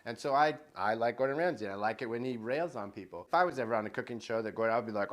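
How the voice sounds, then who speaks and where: A man's voice: medium pitch, lively intonation, fast, a bit bright. A man co-hosting a casual podcast, talking eagerly and going off on long tangents. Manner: enthusiastic, rambling, tangent-prone. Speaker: podcast co-host.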